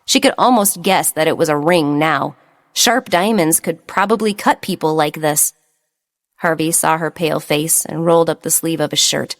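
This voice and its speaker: A woman's voice: low voice, moderate pace. A woman reading a romance novel aloud as an audiobook narrator. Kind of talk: scripted narration.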